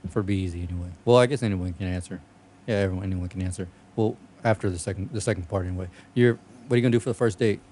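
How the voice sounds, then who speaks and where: A man's voice: deep voice, rapid-fire, a little mellow, slight background noise. A man co-hosting a casual chat, joking, swearing and laughing often.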